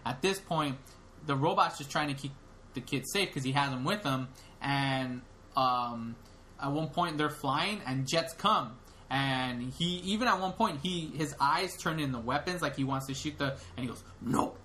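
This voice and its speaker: A man's voice: medium pitch, normal speed, pushed and bright, a little hiss or hum. A young man co-hosting a podcast, retelling a film in casual chat, rambling with lots of fillers and restarts. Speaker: podcast co-host.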